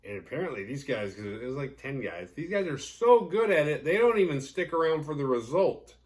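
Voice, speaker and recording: A man's voice: on the high side, very animated, a little fast. A man hosting a horror movie podcast, recapping a film in a rambling, sarcastic, profane way. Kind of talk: casual movie recap with jokes.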